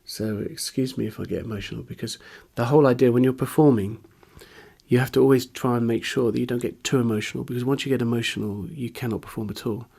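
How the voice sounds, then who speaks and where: A man's voice: medium pitch, steady tone, fast, vocal fry, mellow, slightly rough. A man, a musician, speaking in a candid interview, hesitant and searching for words, openly earnest and emotional.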